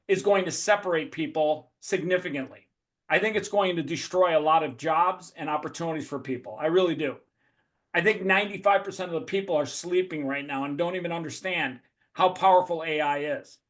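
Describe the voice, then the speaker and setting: A man's voice: sits high, a bit bright. A man giving a blunt, profane motivational talk as a guest speaker over a video call.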